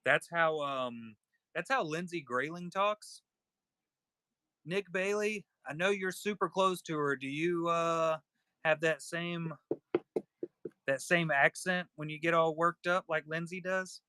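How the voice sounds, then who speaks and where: A man's voice: fairly high pitch, slow pace, sharp tone, clear, resonant tone, no echo. Male stream host, playful banter, dry close sound. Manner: joking, chatty with viewers. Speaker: livestream seller host. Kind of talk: casual live-stream chat.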